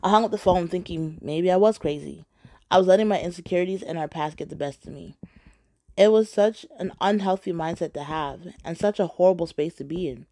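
A woman tells a personal story straight to the camera, candid and blunt, cutting in with sharp rhetorical asides. Her voice sits a little low. The tone is mellow and warm, never bright. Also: a little fast. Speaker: vlogger. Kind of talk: storytime narration.

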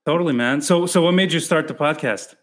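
A man hosting a podcast in a relaxed, casual chat, often calling his guest "man" and "dude". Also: fairly high pitch, a little fast. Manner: laid-back, calls the guest "man" and "dude". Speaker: podcast host.

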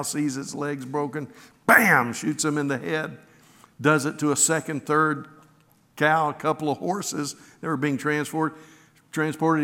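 A man's voice: on the high side, fairly bright tone, clear, resonant tone. Man preaching in a reverberant hall. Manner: earnest storytelling, repeats words when restarting. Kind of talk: sermon with scripture reading.

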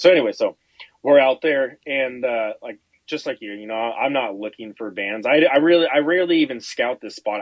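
Male podcast host, animated and profane, acts out quotes; dry, slightly lo-fi recording. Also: medium pitch, no room sound. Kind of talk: casual storytelling chat.

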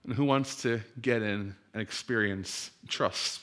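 A male pastor delivering a sermon, telling a story with humor and switching to a quiet, earnest prayer. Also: lowish voice. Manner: storytelling, acts out crowd voices, laughs easily; hushed, slow prayer.

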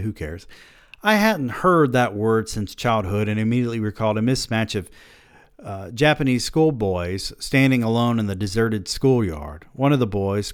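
A man's voice: fairly low pitch, no room sound, studio quality. A man reading a story aloud who keeps breaking off to mock himself in sardonic comic asides. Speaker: reader of a story.

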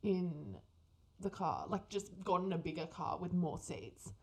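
A woman's voice: on the low side, very animated, a little slow, creaky, darkish tone. A young woman co-hosting a podcast, chatting casually with lots of fillers. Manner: casual fan talk with fillers. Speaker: podcast co-host. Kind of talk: casual chat.

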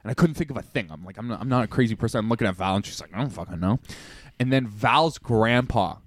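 A young man from Canada co-hosting a casual podcast, telling stories in an animated way and acting out what people said. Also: fairly low pitch, fast, no echo, studio quality. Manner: animated storytelling, acts out quotes, laughs often. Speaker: podcast co-host. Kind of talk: casual chat.

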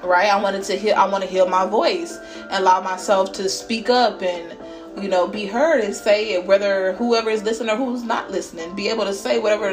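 A woman's voice: mid-range voice, a little fast, over music. Candid, profane woman telling a story. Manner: candid, profane, animated with bursts of laughter. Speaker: podcast host. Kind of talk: casual storytelling monologue. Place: at home.

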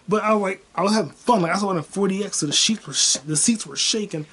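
A young man hosting a podcast alone, ranting about a movie in a profane, rambling way, with bursts of excitement. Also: fairly high pitch, fast, hardly any pauses, husky. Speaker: podcast host. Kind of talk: casual solo movie review rant.

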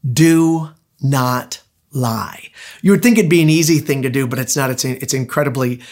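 A man's voice: mid-range voice, normal speed, darkish tone. Middle-aged male pastor, conversational storytelling sermon delivery. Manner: conversational, anecdotal, with restarts.

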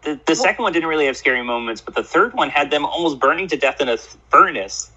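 A man co-hosting a casual chat, telling joking, animated stories over lo-fi remote audio. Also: a little high, fast talker, slightly rough. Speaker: podcast co-host.

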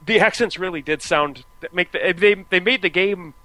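Bright-voiced American man chatting about games. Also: sits high, normal speed, no room sound, rough recording. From United States. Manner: chatty, frequent restarts and fillers. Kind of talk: casual video game discussion.

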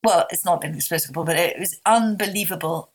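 Heartfelt woman recounting, halting. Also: fairly low pitch, husky. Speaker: interview guest, author. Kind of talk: candid interview.

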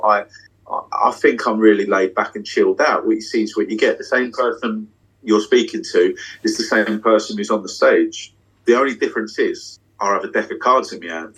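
Husky swaggering magician, slightly off-mic. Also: male voice, fairly low pitch, brisk, recorded from a distance, rough recording. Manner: swaggering, swears freely, talks in long excited runs. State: getting emotional. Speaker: magician and tour guest. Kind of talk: candid casual interview. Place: backstage dressing room.

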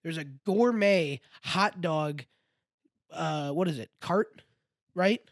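A man's voice: on the high side, slow, no room sound, clean studio sound. A young man co-hosting a podcast, telling a rambling, crude anecdote and acting out the quotes. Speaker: podcast co-host. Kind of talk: casual storytelling chat.

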